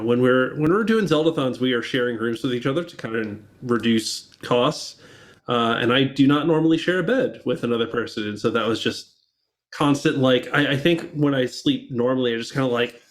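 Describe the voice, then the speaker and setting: A man on a casual stream panel, relaxed and wry as he explains things. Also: mid-range voice, normal speed.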